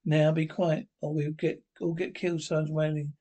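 A man retells a drama in short, terse lines and reads out the sound cues. His voice is slightly high and stays fairly flat. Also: moderate pace. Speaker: narrator.

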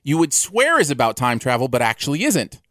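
A male podcast host with a lively, swinging pitch, chatting casually with his co-host. The recording is close and dry, with no room around the voice. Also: a little fast, no room sound. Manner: animated, jumps pitch when excited.

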